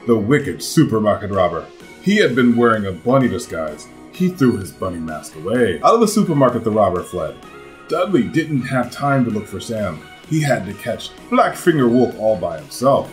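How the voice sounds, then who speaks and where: A man reading a children's picture book aloud as host, in an expressive, animated storytelling manner. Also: on the low side, moderate pace, faint music behind. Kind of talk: children's read-aloud narration.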